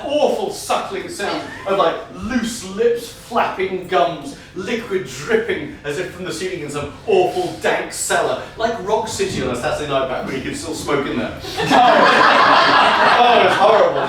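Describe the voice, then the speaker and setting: Energetic man improvising stories on stage. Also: a little high, moderate pace, few pauses. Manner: energetic, laughing, riffing on audience prompts. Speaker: improv storyteller. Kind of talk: live improvised comic storytelling. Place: comedy venue stage. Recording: echoey room from far off, faint noise. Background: audience.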